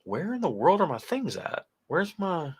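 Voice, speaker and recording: A man's voice: a little high, wildly swooping pitch, normal speed, slightly rough. A man co-hosting a casual whiskey tasting livestream, chatting and reading viewer comments aloud. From United States. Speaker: whiskey show co-host.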